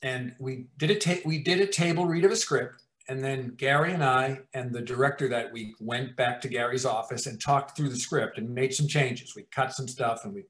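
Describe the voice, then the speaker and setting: A man, a TV writer-producer, telling profane, animated stories in an interview and acting out scenes. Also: mid-range voice, normal speed, few pauses. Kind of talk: anecdotal storytelling in an interview. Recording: roomy echo.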